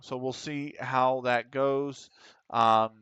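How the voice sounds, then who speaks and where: A man's voice: medium pitch, fairly even intonation, fairly bright tone, smooth, no echo. Man giving casual game commentary. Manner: reads questions aloud quickly and answers offhand, swears casually. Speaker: gaming streamer. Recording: dry, slightly dull home mic.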